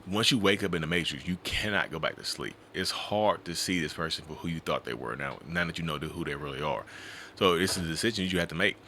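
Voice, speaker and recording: A man working as a relationship coach, telling stories in a casual interview in an animated, colloquial way. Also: deep voice, quick pace, slight background noise. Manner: animated storyteller who acts out quoted voices; colloquial, repeats 'you know'.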